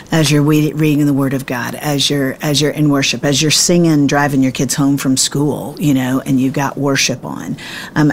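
A middle-aged woman Bible teacher telling a family story in an animated, self-deprecating way during a conversation. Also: sits low, slight background noise. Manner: self-deprecating, emphatic, quick to laugh at herself.

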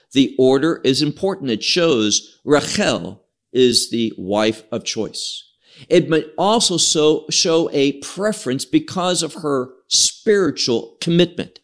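A man teaching an evening Bible study, who explains the text verse by verse, cites Hebrew words and repeats key words for emphasis. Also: medium pitch. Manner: expressive, draws out key words and repeats himself.

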